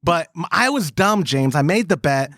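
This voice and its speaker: Man, podcast host, casual chat, animated storytelling, fairly high voice, dry close sound. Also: moderate pace, no echo.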